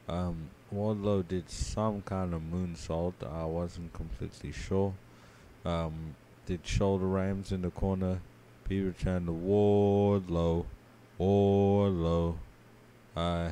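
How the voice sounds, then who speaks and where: Sleepy low-voiced man recapping matches. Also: a little hiss or hum. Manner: sleepy, yawning, trailing off quietly. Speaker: podcast co-host. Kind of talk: casual wrestling match recap.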